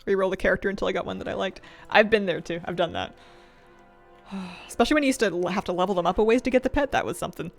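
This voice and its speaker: Woman streamer, playful rambling gameplay chat, mid pitch, faint music behind. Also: racing, creaky. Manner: rambling and playful, laughs often, answers chat. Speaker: game streamer.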